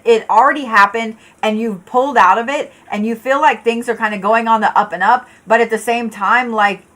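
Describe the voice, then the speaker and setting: A woman's voice: on the high side, a bit bright. A woman giving a live tarot reading, talking in a blunt, casual way with plenty of swearing and filler words. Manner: casual, blunt and profane, chatty with viewers; frequent fillers and restarts. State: yawning, tired. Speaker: tarot reader.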